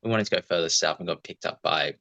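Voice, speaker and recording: A man's voice: low voice, fast talker, bright, forceful tone, no room sound, dull audio. A man co-hosting a podcast, telling rambling, reflective travel stories in casual chat with some swearing. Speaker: podcast co-host.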